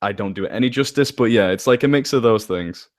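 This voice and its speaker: A man's voice: on the low side, fast talker. A man with a northwest English accent, a guest chatting casually in an interview, rambling a little and correcting himself as he goes. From England. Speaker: interview guest, story narrator. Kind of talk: casual chat.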